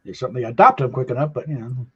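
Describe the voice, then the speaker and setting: A co-host in casual chat, answering with brief murmurs and short asides. The voice is husky and a little breathy. Dull lo-fi audio mutes the highs. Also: animated, racing. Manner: brief backchannel replies. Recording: dull lo-fi sound.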